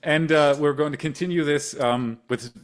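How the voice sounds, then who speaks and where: A man from Germany's Rhineland, a native German speaker with a German accent, hosting a livestream in casual chat. He talks fast and excitedly, often repeating words. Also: fairly high pitch. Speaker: livestream host.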